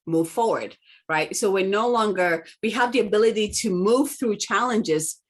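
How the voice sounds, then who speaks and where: Woman podcast guest, mid pitch, earnest and affirming, speaks in repeated mantra-like phrases. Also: moderate pace. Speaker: guest, spiritual mentor. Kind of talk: conversational podcast interview.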